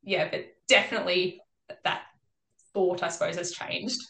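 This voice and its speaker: A woman's voice: lowish voice, steady tone, moderate pace, gravelly, a bit bright. A pregnant woman with an Australian accent, a podcast guest talking casually, laughing often and acting out what people said. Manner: chatty, laughs often, acts out quoted talk. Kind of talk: casual chat. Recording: echoey room.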